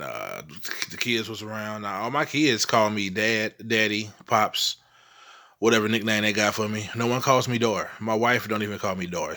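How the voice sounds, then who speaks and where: A man from St. Louis in middle age talks straight to his viewers in a loose, rambling monologue. His voice sits on the low side, and he swears freely and keeps checking in with his listeners as he goes. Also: pushed and bright. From St. Louis, Missouri. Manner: rambling and profane, keeps asking "you know what I'm saying". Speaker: vlogger telling ghost stories. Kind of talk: casual storytelling monologue.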